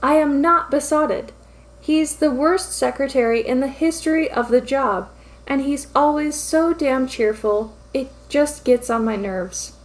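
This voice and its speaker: A gruff young office manager who grumbles and mutters curt answers, as a woman reads him aloud. His lines carry a fairly high pitch and a plain, matter-of-fact delivery. It is a storybook-style fan fiction reading. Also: measured pace, rough recording. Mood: annoyed.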